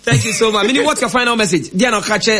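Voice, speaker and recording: Upbeat Ghanaian radio host, high voice. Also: male voice, a crowd in the background. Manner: upbeat, mixes English and Twi, quick interjections. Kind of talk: casual radio chat.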